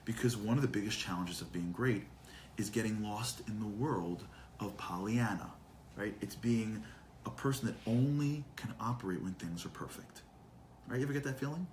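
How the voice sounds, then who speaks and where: Guy with a low voice teaching a class, lots of questions to the crowd, bit of background hum. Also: moderate pace, rough recording. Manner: animated, rhetorical questions, quotes Hebrew texts. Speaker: Torah teacher. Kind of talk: live online class.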